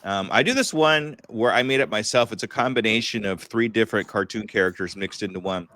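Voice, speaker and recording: A man's voice: on the low side, fairly quick, pushed and bright, dry recording. A man from California, a podcast guest who does cartoon voices, talking in an upbeat, encouraging way. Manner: upbeat, encouraging, with easy laughs. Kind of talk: casual interview chat.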